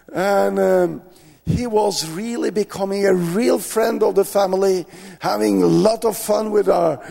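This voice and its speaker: A man's voice: sits high, gravelly, dark tone, long reverb tail. A man telling an earnest missionary testimony, often stopping and restarting his sentences. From Norway. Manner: earnest storytelling with many restarts. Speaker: missionary preacher. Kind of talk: testimony in a church talk.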